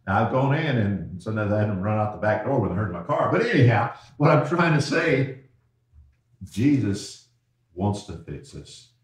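A man preaching an evening sermon as pastor, folksy, repeating words and slowing down on key phrases. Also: lowish voice, expressive, distant mic. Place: church sanctuary. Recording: echoey church from afar.

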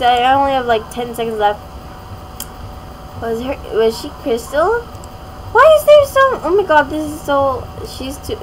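A woman's voice: on the high side, noisy background. A young woman giving casual gameplay commentary as a gaming YouTuber, rambling and giggly with many fillers.

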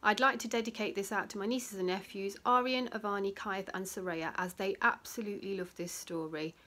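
A woman, a primary school teacher, reading a rhyming picture book aloud to her class in a gentle storytelling manner. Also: mid-range voice, steady tone, fairly quick.

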